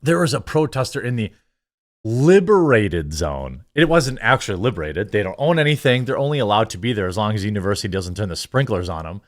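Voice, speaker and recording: A man hosts a reaction commentary, sarcastic and mocking in tone. His pitch swings up and down, and he often stammers and restarts mid-sentence. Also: sing-song, brisk. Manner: sarcastic and mocking, bursts of laughter. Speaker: commentary show host.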